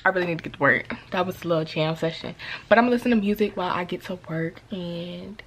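A woman's voice: on the low side, quick pace, very noisy. A young woman vlogging casually at home, ranting in an irritated, slangy way to her viewers. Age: young adult. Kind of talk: casual vlog chat. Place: home bathroom or bedroom.

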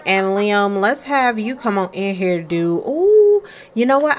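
A young woman talks her way through a life-simulation game, friendly and chatty, calling out to her viewers as she plays. Her pitch jumps around a lot, swooping up and down from line to line. She slips in and out of quick little voices for her characters. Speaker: gaming creator playing a life-simulation game. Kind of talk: casual let's-play commentary.

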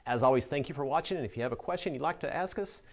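In a rather high voice and at a racing pace, a man plays a Christmas lighting expert responding to a viewer's question. The scripted tutorial comes across as cheerful and instructive.

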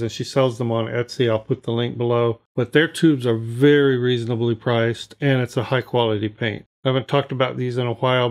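An American man hosting his watercolor channel, reviewing paints to camera in a folksy, chatty way and talking straight to his viewers. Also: mid-range voice. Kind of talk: casual product review to camera.

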